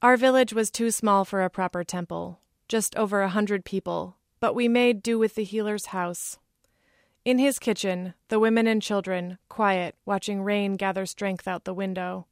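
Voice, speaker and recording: A woman author reading aloud from her novel in a measured literary manner, close to the mic. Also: mid-range voice, fairly even intonation, dry recording.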